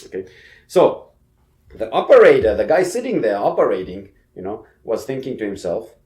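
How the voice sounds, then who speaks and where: A man teaches a university class, talking through ideas casually and checking in with his listeners as he goes. His pitch rises and falls in a lively way. The sound echoes as if recorded in a large lecture room. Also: moderate pace. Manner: conversational, frequent "okay" and "you know", emphatic.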